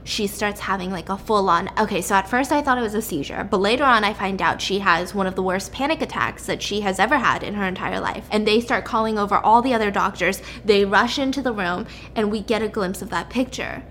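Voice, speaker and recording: A woman's voice: medium pitch, fairly quick, hardly any pauses, fairly bright tone, slight background noise. A young woman casually recapping a story in a chatty way, with many fillers.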